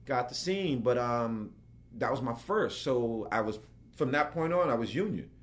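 Brief: male actor guest, animated storyteller, jumps up in pitch to act out quotes, mid-pitched voice. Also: moderate pace. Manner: lively, acts out quotes with big pitch jumps.

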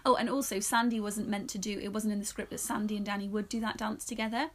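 A woman's voice: medium pitch, little pitch movement, fast, slight background noise. A woman co-hosting a casual film podcast, teasing and laughing often. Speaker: podcast co-host. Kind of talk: casual chat film review.

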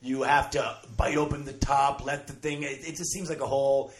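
A man as a podcast guest, joking through quick banter in casual chat. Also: mid-range voice, little pitch movement, echoey room, noisy background.

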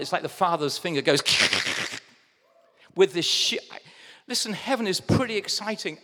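An English pastor preaches in a voice pitched a little high, carried by the long reverb of a church hall. He talks straight to the room, calling them "guys", swinging between quiet, intimate asides and sudden excited outbursts. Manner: animated preaching, swinging from hushed to loud bursts; addresses congregation directly as guys. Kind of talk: sermon.

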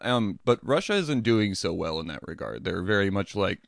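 Low-voiced man hosting a casual podcast. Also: moderate pace, creaky, no echo, studio quality. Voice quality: swears casually, laughs at own jokes. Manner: animated, acts out quoted people in mocking voices. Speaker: podcast host. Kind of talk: casual history podcast chat.

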